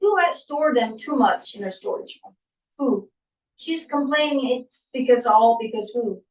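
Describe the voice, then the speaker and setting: High-voiced woman teacher, roomy and distant. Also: expressive, measured pace. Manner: prompting, asks many checking questions. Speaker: English reading teacher. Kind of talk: reading lesson with comprehension questions. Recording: roomy sound, distant from the mic.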